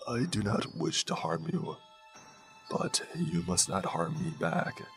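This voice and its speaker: A man voicing a calm, eerie forest creature with a raspy, deep voice, over soft music. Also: slow pace, heavily acted. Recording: faint background music.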